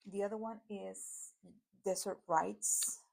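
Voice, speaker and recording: A woman's voice: mid-range voice, fairly even intonation, slow, vocal fry, a little mellow. A woman from Argentina with an Argentine Spanish accent, Spanish as her first language, chatting casually through a tarot deck vlog, full of fillers and little apologies. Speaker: tarot YouTuber.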